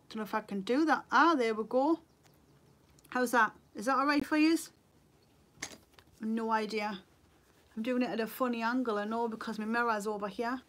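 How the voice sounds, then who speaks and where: A woman's voice: on the high side, fairly bright tone. A woman chatting casually with viewers on a livestream while doing her makeup at home. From North East England. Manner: chatty, reads viewer comments aloud. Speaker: makeup vlogger. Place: home room by a window.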